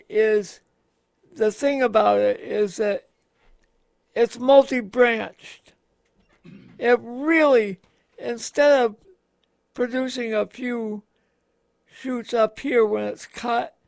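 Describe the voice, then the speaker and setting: A man in casual radio chat, explaining in slow, rambling, halting sentences as a gardening expert. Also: extremely high pitch, creaky, no echo.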